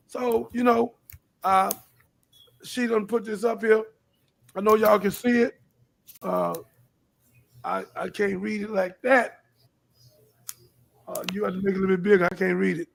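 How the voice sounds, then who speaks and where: A man's voice: high voice, level tone, moderate pace, gravelly, long pauses. An older man from Houston, Texas, hosting his own live show and urging young people to stop the violence, repeating himself and rising into pleading questions. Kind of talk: preachy live-stream talk.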